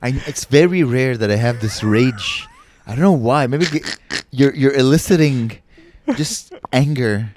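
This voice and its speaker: A man's voice: mid-range voice, measured pace, darkish tone, slight background noise. A man co-hosting a comedy podcast in casual banter, teasing and crude with mock anger. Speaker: podcast co-host.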